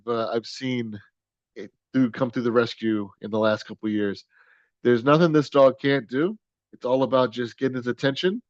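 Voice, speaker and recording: A man's voice: medium pitch, no echo. Upbeat man hosting on a dull call line. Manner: enthusiastic, laughs often. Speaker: host of a virtual dog adoption event. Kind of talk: upbeat promotional chat. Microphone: video call.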